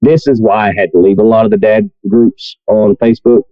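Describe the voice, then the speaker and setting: A man's voice: fairly low pitch, fairly even intonation, a little fast, muffled recording. A man co-hosting a podcast in casual chat, blunt and profane, often poking fun at himself. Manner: blunt, profane, self-deprecating. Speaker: podcast co-host.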